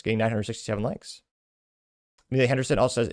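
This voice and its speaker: A man from Texas hosting a political commentary show, reading posts aloud with quick, opinionated asides. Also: fairly low pitch, dry recording, clean studio sound. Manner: quick, opinionated, frequent restarts. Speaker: host.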